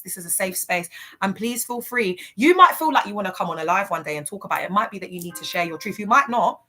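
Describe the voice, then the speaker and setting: A woman hosting a casual live stream, outspoken and emphatic, chatting straight to her viewers in slang and calling them babe and love. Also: medium pitch. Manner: lively, slangy, talks straight to the chat with endearments.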